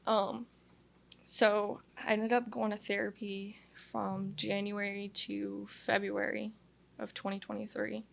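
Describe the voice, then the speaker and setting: Young woman telling her story on a christian interview show, fry-heavy voice, kinda monotone, says like a lot. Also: mid-range voice, takes it slowly. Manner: earnest, confessional storytelling with frequent "like" fillers. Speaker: guest sharing testimony. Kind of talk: candid personal testimony in a conversational interview.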